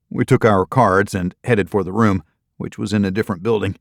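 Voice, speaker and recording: Gravelly low-voiced male audiobook narrator. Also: little pitch movement, a little fast, no echo, clean studio sound. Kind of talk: first-person thriller narration.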